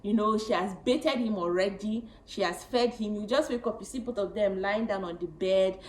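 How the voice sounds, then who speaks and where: Lady vlogging about her life, chatty and lively, mid pitch voice, echoey room. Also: moderate pace. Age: late 20s. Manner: chatty, animated, laughs often. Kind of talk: casual storytelling to camera.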